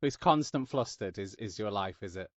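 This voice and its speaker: A man's voice: fairly low pitch, lively intonation, moderate pace, no echo. A man from Yorkshire hosting a casual interview, with a neutral English accent that has a slight Northern edge, chatty and joking. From Yorkshire, England. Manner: chatty, joking, self-deprecating. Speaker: podcast host. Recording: dull lo-fi dry sound.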